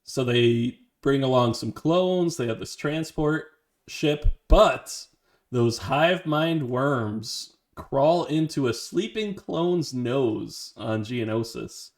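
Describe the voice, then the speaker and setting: A man's voice: medium pitch, lively intonation, slow pace. A man co-hosting a podcast, recapping episodes in casual chat and laughing often.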